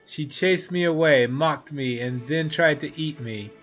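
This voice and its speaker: A man's voice: a little high, measured pace, a bit bright, faint music behind. A man reading as a petulant, whiny demon queen.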